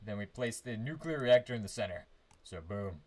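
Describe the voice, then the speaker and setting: A streamer in his own room gives casual live commentary on his game, talking briskly in a fairly low voice with lively intonation. He rambles, hums to himself and often restarts sentences.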